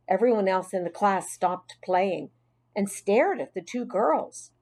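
A woman reading a children's story aloud with expressive, unhurried narration. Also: mid-range voice.

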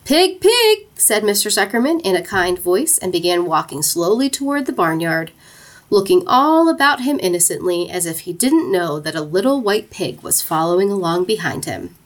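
Expressive woman reading a storybook aloud. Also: on the low side, normal speed. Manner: expressive, playful. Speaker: narrator.

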